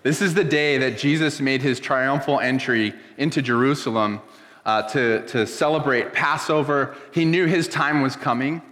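A pastor giving a casual, emotional sermon, telling the story loosely and dropping soft when moved. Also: male voice, mid-range voice, fairly even intonation, moderate pace. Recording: long hall reverb.

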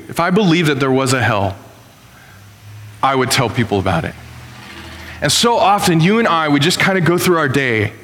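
A male pastor giving a conversational sermon, telling stories and sometimes jumping up sharply in pitch. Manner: conversational storytelling, animated with sudden pitch jumps. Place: church. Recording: long reverb of a church hall.

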